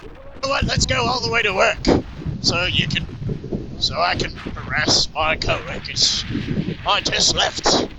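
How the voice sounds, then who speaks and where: A high-voiced man rides a motorcycle in the bitter cold and narrates to his helmet camera in a loud, goofy, swearing rant. His pitch leaps all over the place, and his drawn-out words turn gravelly. Heavy wind roars across the mic the whole time. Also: expressive. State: freezing cold. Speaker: motorcycle vlogger. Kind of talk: casual helmet-cam riding commentary. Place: outdoors riding a motorcycle.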